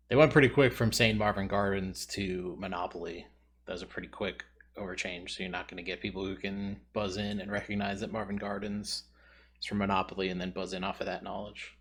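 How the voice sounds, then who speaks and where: A man casually comments through quiz questions in his trivia video, rambling and reasoning aloud as he hunts for answers. His low voice is slightly rough and a bit bright, with fairly even intonation and a slightly fast pace.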